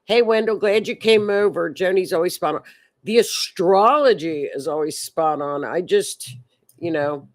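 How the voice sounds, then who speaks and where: A woman hosting a live stream, chatting in a rambling way and reading viewer comments aloud. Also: lowish voice. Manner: chatty, rambling, repeats words. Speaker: livestream host.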